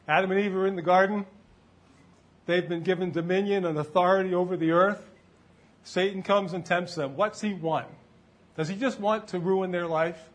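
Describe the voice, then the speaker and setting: A preacher with a fairly high voice gives a relaxed, conversational sermon, repeatedly asking the congregation questions and waiting for replies. It sounds like a church service before a live crowd.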